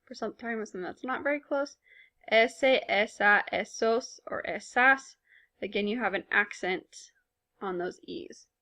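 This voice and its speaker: A woman's voice: medium pitch, moderate pace, bright, forceful tone. A woman teaching a recorded language lesson in a patient, explanatory way, speaking with casual fillers. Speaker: Spanish teacher.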